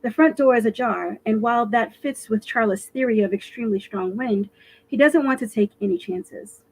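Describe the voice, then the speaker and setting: A woman author reading her own fiction aloud in an expressive, animated storytelling voice for a virtual live stream. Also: a little high, normal speed, low-quality recording.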